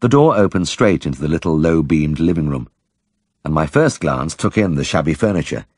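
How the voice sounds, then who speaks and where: A man narrating an audiobook in a measured, gently wry storytelling manner. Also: a bass voice, lively intonation, husky, no echo, studio quality. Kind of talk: scripted narration.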